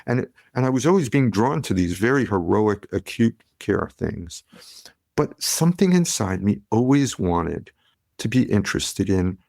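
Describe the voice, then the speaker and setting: Middle-aged man, gravelly low voice, lively yarn-spinning guest, dry close mic. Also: dry recording. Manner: animated storyteller, acts out quotes. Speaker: podcast guest, pediatrician. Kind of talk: conversational storytelling.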